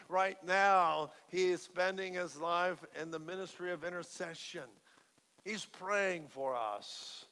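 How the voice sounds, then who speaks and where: Slow, earnest high-voiced preacher. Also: male voice, a bit bright, long reverb tail. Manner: earnest, emphatic, deliberate. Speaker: pastor. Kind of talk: sermon.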